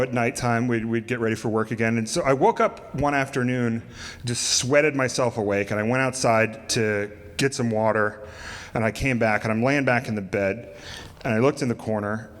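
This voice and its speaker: A man's voice: mid-range voice, normal speed. Man telling a story in an echoing hall. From United States. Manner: casual, self-mocking, laughs through lines, swears. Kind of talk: live storytelling. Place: cultural center stage, live audience. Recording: live hall with long reverb.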